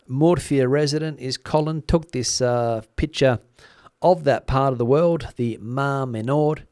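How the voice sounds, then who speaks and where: A man's voice: mid-range voice, unhurried, clear, resonant tone, no room sound. Guy hosting a live stream, chatty and easygoing, lots of uhs, voice a bit worn, dry close sound. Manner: relaxed, chatty, frequent uh fillers. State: slightly worn voice. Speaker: YouTube news channel host. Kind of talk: live stream chat with viewers.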